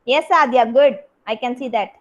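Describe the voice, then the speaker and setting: Indian kindergarten teacher lady on a video call, high voice, lots of very nice, very good. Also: normal speed, low-quality recording. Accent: Indian English. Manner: encouraging, praising children by name. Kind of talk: online class instruction.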